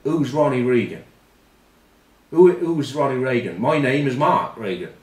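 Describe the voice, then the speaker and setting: A man's voice: mid-range voice, lively intonation, a little mellow, far from the mic, lightly acted. Man doing a baffled, plodding literal-minded guy, roomy sound from off-mic. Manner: slow, puzzled, plodding.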